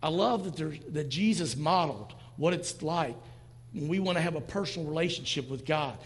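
A man's voice: a little high, animated, fairly quick, in a large hall. A man in his fifties preaching a sermon to a church congregation, talking in a conversational way and acting out quoted lines. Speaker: pastor. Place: church sanctuary.

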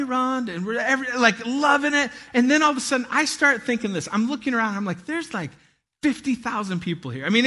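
Animated high-voiced male pastor. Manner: animated, laughing storyteller with acted-out shouts. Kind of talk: sermon with storytelling.

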